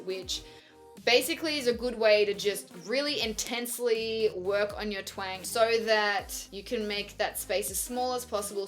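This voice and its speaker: A woman's voice: medium pitch, a bit bright. A young woman teaching singing in a chatty, upbeat vlog, breaking off to demonstrate sung exercises. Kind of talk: vocal lesson vlog.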